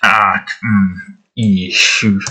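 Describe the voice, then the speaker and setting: A man's voice: fairly low pitch, level tone, extremely slow, pushed and bright. A man casually talking to himself as he tweaks sound effects for a game he's making, rambling and cutting himself off. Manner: rambling, self-interrupting, chuckling to himself. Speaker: game developer vlogger. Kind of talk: casual thinking-aloud commentary while editing sounds.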